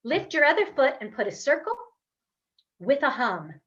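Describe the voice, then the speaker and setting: A woman voice coach leading a guided vocal warm-up over a webcam, giving encouraging step-by-step instructions with long hums. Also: high-pitched, sing-song, moderate pace, muffled recording. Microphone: webcam on a video call.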